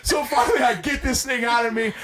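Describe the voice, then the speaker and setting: A young man co-hosting a podcast, telling crude comedic stories in a loud, profane, animated way that breaks into shouting. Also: very high voice, quick pace, heavy background noise. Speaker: podcast co-host.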